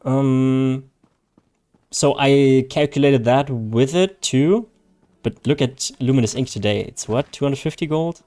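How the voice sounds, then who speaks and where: A man's voice: mid-range voice, measured pace, warm tone. A man chatting casually on a live game stream, reading viewer chat, joking and laughing often.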